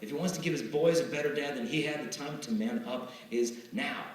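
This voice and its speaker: A man's voice: medium pitch, fairly quick. A male speaker giving a live motivational talk to students, telling stories and acting out the exchanges in them. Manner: lively storytelling, acting out quoted exchanges. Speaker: chastity speaker at schools. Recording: echoey hall, far from the mic.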